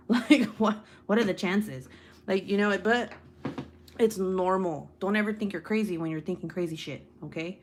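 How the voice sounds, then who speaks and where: A woman's voice: medium pitch, brisk, a little mellow, a little hiss or hum. A young woman hosting a casual livestream, chatting with viewers, swearing freely and laughing often. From United States. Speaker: livestream host reading viewer comments. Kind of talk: casual live chat.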